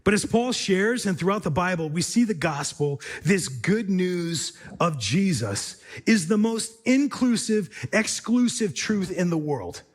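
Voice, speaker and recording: Male pastor, sermon delivery, higher register, measured and emphatic with rhetorical repeats. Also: expressive.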